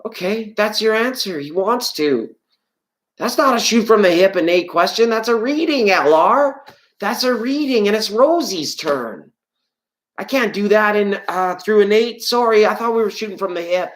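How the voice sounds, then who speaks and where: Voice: normal speed, rough recording. Rambling, playful live tarot stream host. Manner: greets and answers viewers from chat; pitch leaps up suddenly when excited. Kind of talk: live-stream chat with viewers.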